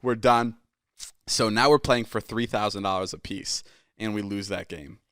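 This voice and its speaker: A man in his twenties hosts a podcast, rambling through a story casually with heavy swearing and plenty of filler words. His voice sits on the low side but a bit bright, with a clean tone, moderate pace, and a dry, clean studio sound.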